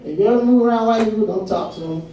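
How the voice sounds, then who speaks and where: Laughing, profane stand-up comedian. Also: male voice, high-pitched, racing, mellow. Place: comedy club stage. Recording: echoey club from far off, crowd.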